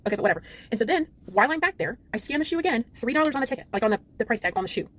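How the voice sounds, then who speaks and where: Rapid-fire frazzled woman ranting. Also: fairly high pitch. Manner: rapid, exasperated, animated storytelling. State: frazzled, holding it together. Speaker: vlogger. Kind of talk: casual storytime rant.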